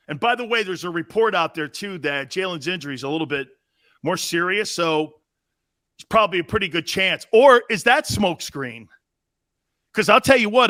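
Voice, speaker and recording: Loud animated sports talk host, man. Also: high voice. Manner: loud, animated, laughing, mimics accents. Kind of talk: live-stream sports talk, reading chat.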